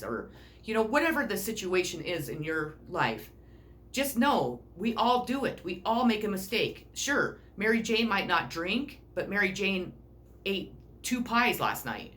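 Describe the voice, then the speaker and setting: A woman's voice: mid-range voice, big pitch swings, moderate pace, fairly bright tone, a little hiss or hum. A middle-aged woman giving a casual self-help talk, blunt and rambling, swearing freely. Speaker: personal growth speaker.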